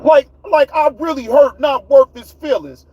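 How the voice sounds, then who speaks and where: Man, livestream host, heated profane rant, very high voice, dry close sound. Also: normal speed, no echo, muffled recording. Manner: profane, fiery, talks straight to chat.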